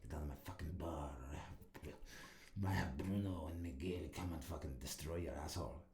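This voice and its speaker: A man's voice: very deep voice, fairly even intonation, a little fast, darkish tone, roomy sound. A man voicing a hostile, profane barkeep with a mock Mexican accent, chasing off a mosquito. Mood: menacing. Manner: growling, profane, threatening.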